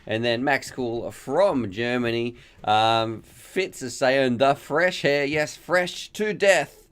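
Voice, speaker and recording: A man's voice: medium pitch, slow, fairly bright tone, clean tone. An Australian man hosting a casual live stream, chatty and upbeat as he thinks aloud.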